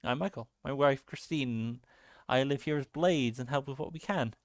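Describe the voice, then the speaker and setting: A man's voice: mid-range voice, normal speed, no echo, studio quality, lightly acted. A man reading an intense young settler. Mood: earnest.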